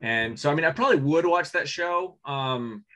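A man co-hosting a casual movie podcast, rambling with many restarts and frequent throat clearing. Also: fairly high pitch, lively intonation, moderate pace, crowd noise. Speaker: podcast co-host. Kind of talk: casual chat about movies.

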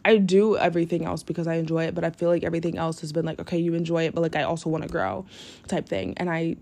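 A woman's voice: low voice, little pitch movement, fast, gravelly, a little mellow. A young woman hosting her own podcast, chatting casually and earnestly, rambling with lots of "like" and "um". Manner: rambling, heavy use of "like", earnest and grateful. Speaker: podcast host. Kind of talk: casual solo podcast chat. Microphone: podcast mic, no camera.

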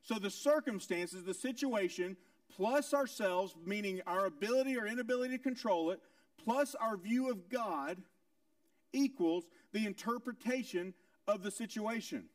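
High-voiced man preaching a sermon, emphatic. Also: normal speed, no echo, studio quality, far from the mic. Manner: emphatic preaching with rhetorical questions and repetition; swings between loud high lines and quiet low ones. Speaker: pastor.

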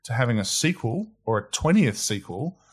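A man from New Zealand, co-hosting a casual film chat and giving opinions with quick asides. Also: medium pitch, sing-song, husky. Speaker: podcast co-host.

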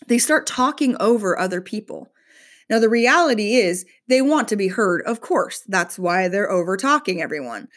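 A middle-aged woman giving a casual spiritual teaching talk, chatty and animated, with playful asides. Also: medium pitch.

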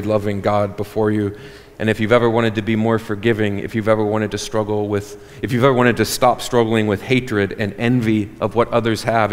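A man preaching a sermon as pastor, animated and joking with the congregation. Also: on the low side. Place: church hall. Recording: reverberant church hall.

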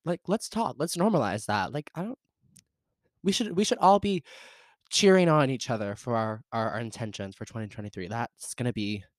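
A young man in his twenties with a Southern US accent hosts a casual solo podcast, rambling in an upbeat way with lots of fillers, laughs and theatrical jumps in pitch. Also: expressive, moderate pace, no echo. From American South. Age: 20s. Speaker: podcast host.

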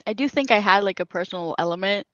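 A woman co-hosting a casual podcast chat, candidly sharing quick personal asides. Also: mid-range voice, a crowd in the background. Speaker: podcast co-host. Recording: slightly dull lo-fi mic.

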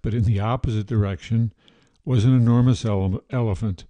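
A man hosting a podcast, calmly narrating a retold ancient story in a measured way. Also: mid-range voice, no echo.

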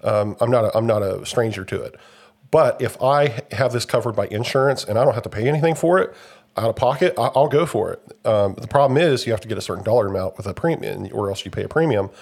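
Young male podcast co-host, slightly hoarse after illness, rambling and chatty. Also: on the low side, fast talker. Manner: rambling storyteller, animated when retelling events. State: recovering from covid, slightly hoarse. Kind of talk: casual chat.

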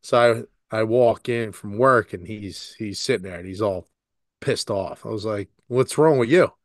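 A man's voice: lowish voice, steady tone, normal speed, a bit bright, dry recording, clean studio sound. A man in his forties co-hosting a podcast, telling stories in a rambling, laughing, profane way. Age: 40s. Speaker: podcast co-host. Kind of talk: casual chat.

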